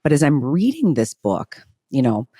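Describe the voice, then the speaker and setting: A woman's voice: low-pitched, wildly swooping pitch, moderate pace, warm tone, slightly rough, no room sound, studio quality. A woman co-hosting a podcast, a supportive listener who speeds up when she makes a point. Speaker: podcast co-host. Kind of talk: casual chat.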